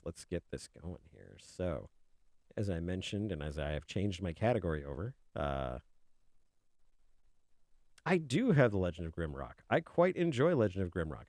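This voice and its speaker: A man streaming video games, chatting casually and mocking himself while he mutters at his software. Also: low-pitched, very animated, a little slow, no echo, faint music behind. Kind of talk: casual game stream chat.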